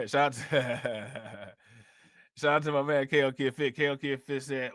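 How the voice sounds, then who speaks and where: A man hosting a casual crypto livestream, chatting in relaxed slang, laughing often and thanking viewers for their comments. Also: mid-range voice, unhurried, no echo, studio quality. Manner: laid-back slangy talk with frequent laughs. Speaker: crypto channel host.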